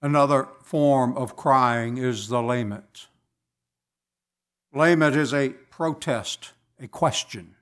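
A man delivering a sermon at an unhurried, drawn-out pace. He speaks deliberately, with measured pauses between phrases, at a middling pitch. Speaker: preacher.

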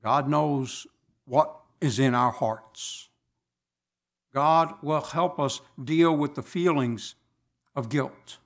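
A man preaching a sermon in a slow, deliberate way with measured pauses. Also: fairly high pitch, vocal fry.

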